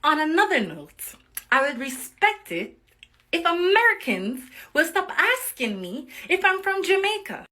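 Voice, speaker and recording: High, slow, bright-voiced woman. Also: very animated. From the Caribbean. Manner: frustrated, deliberate. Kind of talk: talking to camera.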